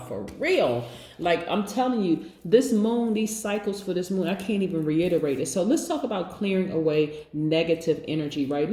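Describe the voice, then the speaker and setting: Chatty, excited woman tarot reader with a warm, mellow voice, recorded in an echoey room. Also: sits low. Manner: enthusiastic, chatty, encouraging. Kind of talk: casual tarot reading to viewers.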